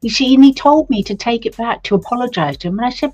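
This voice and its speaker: A woman from England telling a story in a casual, animated way on a live stream, laughing at times. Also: fairly high pitch, brisk, soft background music. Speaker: co-host. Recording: dull lo-fi stream audio.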